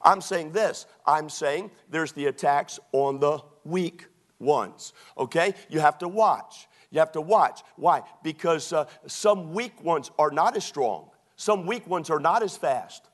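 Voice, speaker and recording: A man preaching a sermon as a pastor, animated and mocking, often breaking into quoted put-on voices. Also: on the high side, slow pace.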